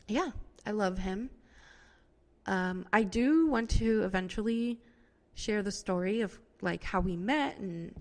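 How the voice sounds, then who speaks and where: A woman's voice: medium pitch, a little mellow, in a large hall. A woman in her thirties hosting a podcast, talking casually and openly about her family, with many fillers and moments where she tears up. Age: 30s. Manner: emotional, tearful at times, many fillers. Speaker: podcast host. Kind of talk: personal casual monologue.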